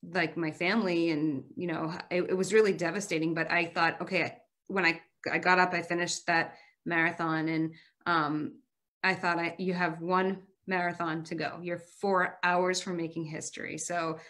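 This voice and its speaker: A woman with a fairly low voice tells her story as a podcast guest. She speaks earnestly and with feeling, and her run-on sentences tumble one into the next. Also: little pitch movement, moderate pace, fairly bright tone. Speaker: guest, marathon runner.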